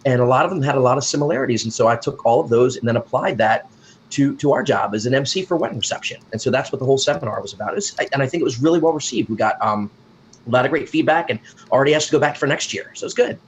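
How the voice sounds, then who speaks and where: Chatty American wedding DJ guest. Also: male voice, medium pitch, rapid-fire, a little hiss or hum, poor audio. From United States. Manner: friendly, chatty, storytelling, jokes around. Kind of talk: casual interview chat.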